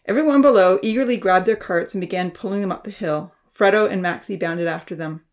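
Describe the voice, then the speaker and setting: A woman reads a children's storybook aloud, expressive and lively, with a middling voice for a woman. Her narration rises with the action and sinks for quieter moments. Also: mid-range voice, brisk.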